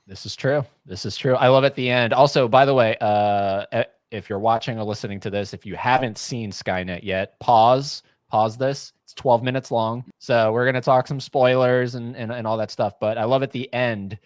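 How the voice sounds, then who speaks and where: A man hosting a podcast, asking rambling questions in a relaxed way and laughing easily. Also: mid-range voice, normal speed, hardly any pauses, no echo, studio quality. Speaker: podcast host. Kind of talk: casual interview chat.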